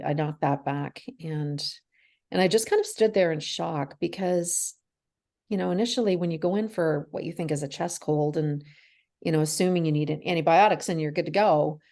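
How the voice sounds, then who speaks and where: A woman in her forties speaks in a low, gravelly voice, telling a personal story as an interview guest. She is candid, acts out the dialogue, and laughs through the hard parts. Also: warm tone. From Canada.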